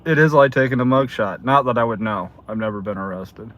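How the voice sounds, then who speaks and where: A man's voice: medium pitch, brisk, a bit bright. Chatty older man streaming from his car. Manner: chatty, greets viewers by name. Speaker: delivery driver livestreaming. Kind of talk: casual livestream chat.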